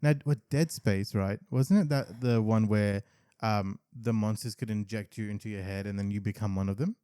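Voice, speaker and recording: A man co-hosting a podcast in casual chat, relaxed and rambling, with lots of "like" and restarts. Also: fairly low pitch, moderate pace, smooth, no echo, studio quality. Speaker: podcast co-host.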